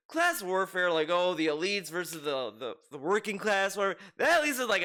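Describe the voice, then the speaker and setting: A man with a high-pitched, smooth and resonant voice talks through his commentary in a loose, rambling way. His tone stays mocking and sarcastic as he picks apart what he has watched. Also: sharp tone. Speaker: commentary youtuber. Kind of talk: video commentary.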